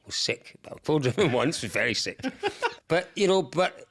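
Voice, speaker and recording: A man who is a guest on a podcast, telling vivid, excitable stories in casual chat and swearing freely. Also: a little high, moderate pace. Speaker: podcast guest, rally commentator. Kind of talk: animated storytelling in casual chat.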